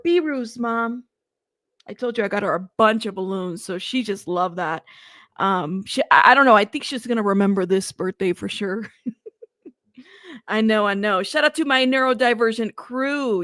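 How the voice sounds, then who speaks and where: A chatty woman in her thirties hosting a casual livestream, greeting viewers one after another and rambling about family life. Her voice sits a bit higher than most women's. The sound is close and dry, with no room around it. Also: fairly bright tone, dry recording. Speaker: livestream host.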